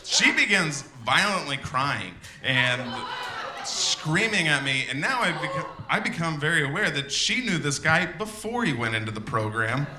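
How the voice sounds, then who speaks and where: A comedian telling a personal story on stage, halting with fillers and bursting into shouted quotes. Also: male voice, a little high, animated, roomy sound.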